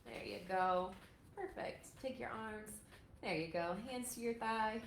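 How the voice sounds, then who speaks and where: A woman's voice: mid-range voice, measured pace. A woman yoga instructor in her thirties, guiding a parent-and-child stretch class with upbeat, encouraging cues. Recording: echoey room with faint noise.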